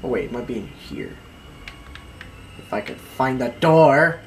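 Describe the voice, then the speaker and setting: A woman's voice: extremely low pitch, big pitch swings, unhurried, gravelly, slight background noise. A woman giving casual, joking commentary while playing a video game, swearing and laughing freely. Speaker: gamer.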